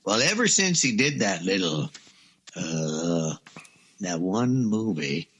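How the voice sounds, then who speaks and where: A man's voice: sits low, sing-song, slow pace, a bit bright, husky. A man with a Louisiana accent, guesting on a comedy radio show, rambling and hesitant and mangling names. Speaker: comic guest.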